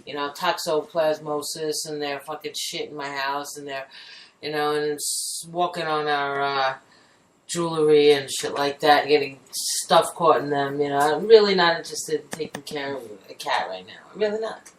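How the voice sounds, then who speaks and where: A woman's voice: low voice, moderate pace, distant mic. Blunt woman co-host, off-mic in an echoey room. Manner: blunt, grumbling, swears freely. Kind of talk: casual chat.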